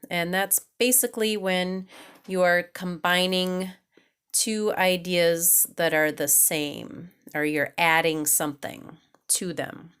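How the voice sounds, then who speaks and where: A woman teaching English grammar at a slow, deliberate pace. Her voice sits a little low. She reads example sentences aloud and checks in with "okay?" after each point. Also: a bit bright, clean tone. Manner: patient, checks in with "okay?" often. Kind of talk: grammar lesson at a whiteboard.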